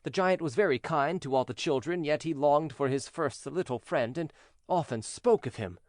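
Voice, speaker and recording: A man narrating a fairy tale for English learners in a clear, measured, expressive way. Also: fairly high pitch, dry recording, clean studio sound. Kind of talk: storybook reading for English learners.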